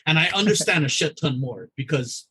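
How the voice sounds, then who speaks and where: A man from Oahu, telling stories as a podcast guest in a casual, profane, animated way. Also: on the high side, brisk, breathy edge, rough recording. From Oahu, Hawaii. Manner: animated storyteller, profane, acts out dialogue. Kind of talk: casual chat.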